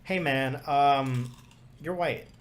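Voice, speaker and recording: A man's voice: medium pitch, extremely slow, slight background noise. A young man co-hosting a live podcast in casual chat, ranting bluntly with sarcastic, profane asides. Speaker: podcast co-host.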